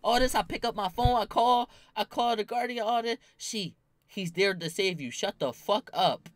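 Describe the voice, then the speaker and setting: A man's voice: high voice, moderate pace, no room sound. A young man telling a story in casual slang, acting out the voices of the people in it. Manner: animated, acts out quoted voices, slangy.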